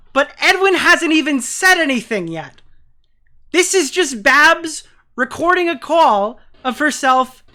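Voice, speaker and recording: A woman streamer with a bright, forward voice and a somewhat high pitch reacts live to a clip. Her reactions are incredulous, and she swears freely as she comments.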